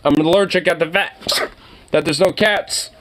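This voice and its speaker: A man streaming casually, reacting to cat pictures with excitable gushing and casual swearing. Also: a little high, moderate pace. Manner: excitable, gushing over cats, casually profane.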